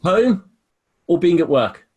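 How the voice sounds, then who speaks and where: A man's voice: high-pitched, sing-song, slow, darkish tone, husky. A man from the UK hosting an interview, asking friendly, teasing questions. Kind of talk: casual interview.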